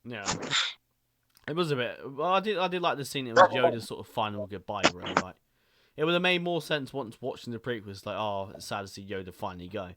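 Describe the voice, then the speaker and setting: A man's voice: mid-range voice, animated, brisk, a bit bright. Young man ranting loosely, swearing, laughing. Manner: swears a lot, laughs often, rambling. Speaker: podcast host. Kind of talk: casual chat.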